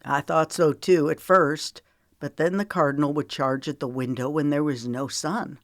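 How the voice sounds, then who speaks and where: This is an audiobook character voice: a woman narrator playing a tired, protective man, blunt and earnest, pitched low. His intonation is fairly even and the pace moderate, captured in a close, dry recording with no room sound.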